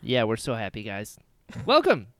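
Tired, joking male co-host with a very animated voice. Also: mid-range voice. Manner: joking, wry, quick to laugh. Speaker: podcast co-host. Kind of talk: casual chat.

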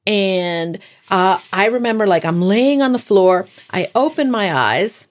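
A woman co-hosting a casual chat, telling stories in a lively way, laughing often and acting out what she said. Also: medium pitch, measured pace. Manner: animated, laughs often, acts out her own lines. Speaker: podcast co-host.

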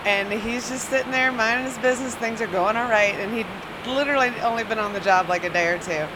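A woman's voice: fairly high pitch, fast talker, background noise. A woman and flight attendant telling a rambling anecdote, correcting herself and laughing. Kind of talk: casual anecdote.

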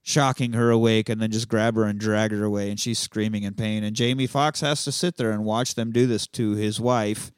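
A man hosting a movie podcast, retelling a film's scenes in casual chat, swearing freely and quick to laugh. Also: on the low side, fairly even intonation, clear, resonant tone, dry recording, clean studio sound. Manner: profane, chatty and quick to laugh, acts out quotes.

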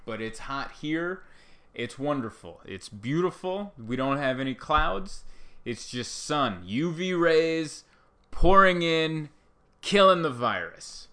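Bright, crisp-voiced man joking alone. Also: mid-range voice. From Southern California. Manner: rambling, self-mocking, sarcastic jokes. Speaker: podcast host. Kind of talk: casual solo monologue. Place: living room at home. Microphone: microphone into a laptop.

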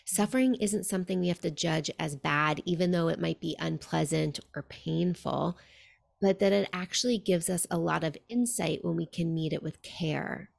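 A woman's voice: lowish voice, moderate pace, gravelly. A woman podcast host and meditation teacher, talking in an earnest storytelling way with many "like"s. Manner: earnest, warm-hearted storytelling with frequent "like". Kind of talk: podcast conversation.

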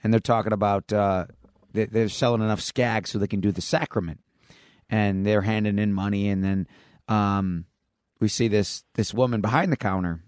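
Give me a man with a fairly low voice co-hosting a podcast, retelling a story in a loose, rambling way. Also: steady tone, normal speed, a little mellow, clean tone, dry recording, studio quality. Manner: rambling storyteller, many fillers and restarts. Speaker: podcast co-host. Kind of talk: casual chat.

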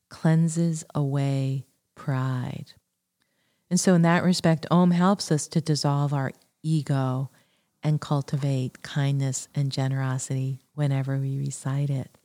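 A woman teaching calmly about a mantra, explaining it syllable by syllable in a measured way. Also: low-pitched. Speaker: spiritual teacher. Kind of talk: slow calm teaching on mantras.

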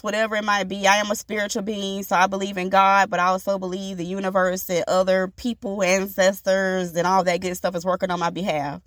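A woman hosting a podcast, telling an inspirational story in an animated, preachy way and acting out the voices in it. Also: medium pitch, dry recording, studio quality. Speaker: podcast host.

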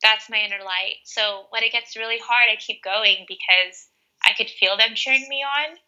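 Bright earnest woman on a lo-fi call. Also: fairly high pitch, steady tone, normal speed. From United States. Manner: earnest, emotional, swears casually. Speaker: guest business coach. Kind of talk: casual interview chat. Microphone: video call.

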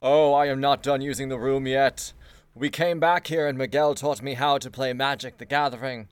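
A man's voice: medium pitch, fairly even intonation, normal speed, clear, resonant tone, no echo, lightly acted. A man voicing a dim, lustful young prince who talks bluntly and obliviously.

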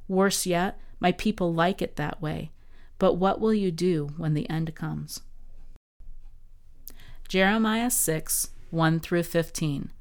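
Female scripture reader, low and smooth, expressive delivery. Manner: expressive, dramatic reading. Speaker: Bible reading podcast host. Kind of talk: scripture reading.

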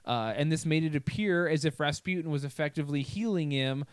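A man's voice: on the high side, fairly quick, smooth, no room sound. A young man co-hosting a podcast, telling history stories in a loose, profane, laughing way. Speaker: podcast co-host. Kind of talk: casual chat.

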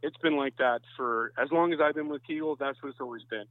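A man's voice: medium pitch, fairly quick, dry recording. Canadian guy telling ball stories, tinny phone-ish sound, dry, lots of restarts. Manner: rambling anecdotes with many restarts. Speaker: guest, softball pitcher. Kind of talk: casual chat, storytelling.

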